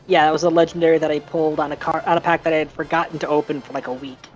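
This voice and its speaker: An animated streamer narrating in-game events and cheering the characters on. The talk is casual and loose, full of quick reactions. Soft background music runs under the voice. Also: medium pitch, muffled recording. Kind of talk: casual gaming stream chat.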